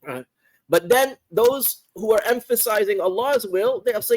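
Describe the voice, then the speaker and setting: A man teaching a religious course, explaining a text in an unhurried lecture and often repeating phrases and asking "right?". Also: high-pitched, animated, no room sound, low-quality recording. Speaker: Islamic scholar teaching a course.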